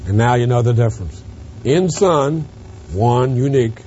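A man preaching an expository Bible lesson, emphatic, rising on stressed words and dropping quiet on asides. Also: mid-range voice, expressive, moderate pace, muffled recording, slight background noise. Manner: emphatic, swings from loud stresses to quiet drops.

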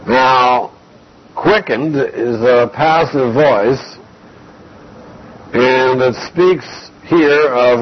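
A man preaching an expository Bible lesson, slow and deliberate, reading scripture aloud between explanations. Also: mid-range voice, breathy edge. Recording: dull lo-fi recording.

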